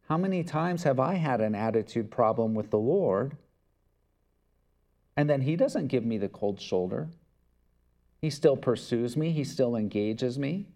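A man's voice: mid-range voice, lively intonation, moderate pace, warm tone. A pastor preaching a sermon in an earnest, conversational way, acting out little dialogues and chuckling as he goes.

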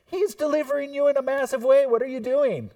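A man preaching a sermon as a pastor, swinging between hushed tones and emphatic outbursts and acting out quotes in other voices. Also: extremely high pitch, fairly quick, distant mic.

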